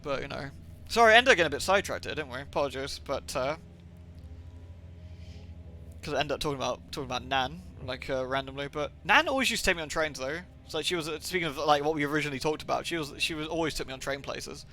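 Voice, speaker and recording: He has a fairly high, animated voice and talks fast, with a bright, forceful tone over faint background music. Streaming a game from his home, this southwest England man with a Somerset and Birmingham accent mix rambles casually and swears without restraint.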